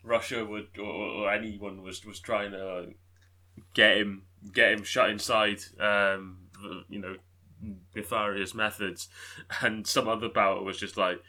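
A man's voice: lowish voice, level tone, measured pace, sharp tone. A young man co-hosting a casual political podcast, sarcastic and sweary, often laughing. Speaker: podcast co-host.

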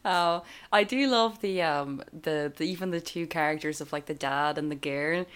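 A woman's voice: deep voice, moderate pace, a bit bright, clean tone. A woman co-hosting a podcast, chatting casually about a film with many fillers and restarts. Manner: chatty, laughs often, trails off with fillers. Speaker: podcast co-host.

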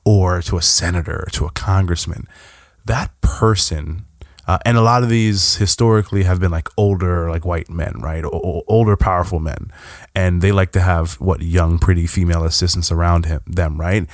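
Joking low-voiced podcast man. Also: moderate pace, dry recording, clean studio sound. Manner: animated, joking, crude. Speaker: podcast co-host. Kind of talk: casual chat.

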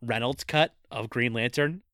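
A man's voice: mid-range voice, measured pace, sharp tone, dry recording, clean studio sound. A man co-hosting a podcast in casual chat, playful as he reads trivia aloud. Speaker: podcast co-host.

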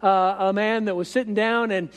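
Pastor, male, high voice, halting delivery full of fillers, recorded in an echoey hall. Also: steady tone, clean tone. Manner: halting, with many fillers and repeated phrases. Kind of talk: sermon.

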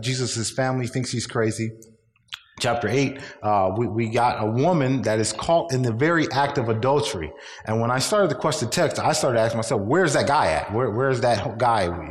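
A man's voice: medium pitch, fairly quick, big-room sound. A man preaching a sermon, telling stories, acting out quotes and repeating his key phrases. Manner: storytelling with voiced quotes and repetitions. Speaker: pastor.

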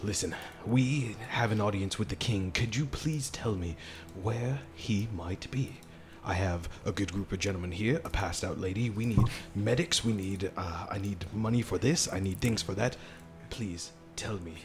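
A man plays a courteous adventurer who pleads in drawn-out, overly polite phrases. His voice sits low. Music plays in the background. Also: natural voice. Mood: pleading.

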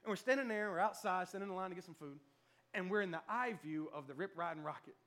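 A man preaching a sermon, telling a lively personal story and acting out the voices of the people in it. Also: high-pitched, fast talker. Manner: storytelling, animated, acts out quoted voices. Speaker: pastor.

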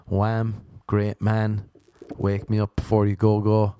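A man's voice: on the low side, completely flat delivery, slow pace, dark tone, clean tone, no echo. A young Irish man doing a rambling comic monologue, self-mocking and meandering, with sudden sung bits and silly voices. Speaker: comedian.

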